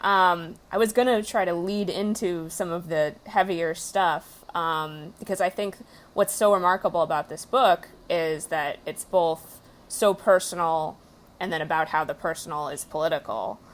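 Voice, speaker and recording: A woman's voice: fairly low pitch, moderate pace. A woman book editor interviewing an author over a video call, friendly and hesitant with fillers.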